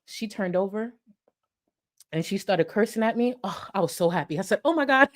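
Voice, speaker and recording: A young woman hosting a commentary channel, telling a profane, animated story in casual chat that swings between loud and hushed. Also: medium pitch, normal speed.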